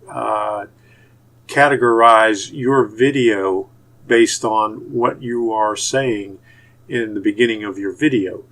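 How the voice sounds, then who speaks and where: A man from Pittsburgh with a Pittsburgh accent, giving YouTube channel tips in a casual, halting way full of "uh" fillers and restarts. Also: lowish voice, fairly bright tone. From Pittsburgh, USA. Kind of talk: casual tutorial talk to camera.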